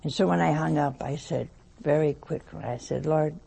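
An older woman, a nun, telling a homely anecdote in a slow storytelling talk. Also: low voice, vocal fry, warm tone, a little hiss or hum.

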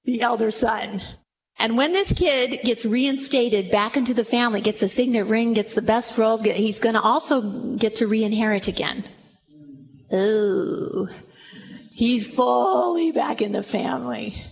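A woman's voice: a little high, moderate pace, poor audio. A middle-aged woman preaching a sermon to a room full of listeners, telling the story animatedly and acting out the people in it. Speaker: Bible teacher. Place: room with a live audience.

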